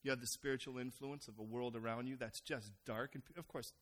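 A middle-aged American man preaching a sermon as pastor, animated and acting out other people's voices. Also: mid-range voice, a little fast. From United States.

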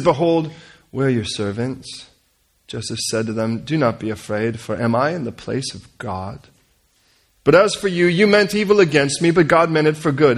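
A man reads scripture to a group in a plain, earnest voice, his pitch in the middle of the range. He moves through the passage at an unhurried pace and sometimes stumbles and corrects himself. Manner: earnest reading with stumbles and corrections, coaxes listeners to repeat names. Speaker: Bible teacher. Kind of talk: reading scripture aloud and leading prayer.

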